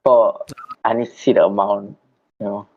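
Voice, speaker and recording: A man on a podcast talks in a somewhat low voice, halting and filling pauses as he searches for words. The audio is a bit dull and muffled. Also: level tone, dry recording. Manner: hesitant, halting, many fillers. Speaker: podcast co-host. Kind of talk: casual chat.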